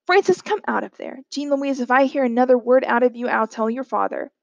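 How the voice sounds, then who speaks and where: A woman's voice: high-pitched, steady tone, a little fast, vocal fry, dry recording, lo-fi sound. A woman reading aloud as a stern, prim aunt who scolds a child. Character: stern middle-aged Southern aunt, strict.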